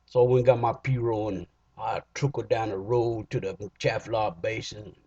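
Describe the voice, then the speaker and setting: A man's voice: on the low side, fairly even intonation, moderate pace, mellow, breathy edge, no echo. A man with a Cajun accent telling a comic folk story, folksy and drawling, in a dull lo-fi recording. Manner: folksy, drawling, chuckling asides.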